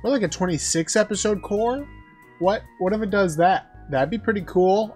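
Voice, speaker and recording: A man giving a casual anime episode recap, talking like an excited fan, chuckling often and acting out quotes. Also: high-pitched, moderate pace, breathy edge, faint music behind. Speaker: anime reviewer.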